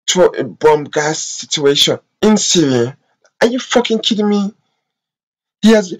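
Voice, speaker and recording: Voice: medium pitch, poor audio. Impassioned, profane vlogger. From West Africa. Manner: impassioned, profane, emphatic and exasperated. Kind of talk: emotional vlog rant to camera.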